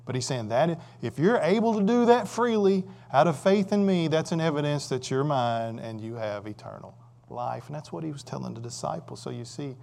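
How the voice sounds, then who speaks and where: A male preacher giving a conversational sermon, asking rhetorical questions and swinging between loud emphatic stretches and quiet asides. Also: fairly high pitch, lively intonation, moderate pace, creaky, a little hiss or hum.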